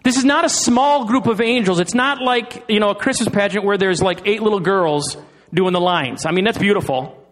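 A middle-aged male pastor preaching a sermon, slowing down for emphasis and pausing dramatically. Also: high voice. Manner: dramatic pauses, slowing on key phrases.

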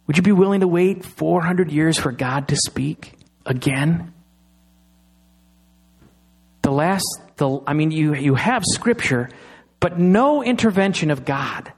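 A middle-aged male pastor preaching a sermon, slowing down for emphasis and pausing dramatically. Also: fairly high pitch, breathy edge. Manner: dramatic pauses, slowing on key phrases.

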